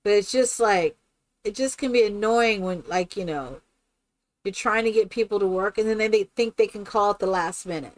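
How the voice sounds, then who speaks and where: A woman's voice: medium pitch, normal speed, no echo. A woman chatting casually and rambling with many fillers while she builds in a game on a live stream.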